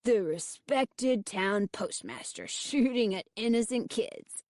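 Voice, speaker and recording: A woman's voice: fairly high pitch, animated, takes it slowly, darkish tone, no echo, clean studio sound. A woman voicing a snickering prankster boy. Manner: mocking, snickering.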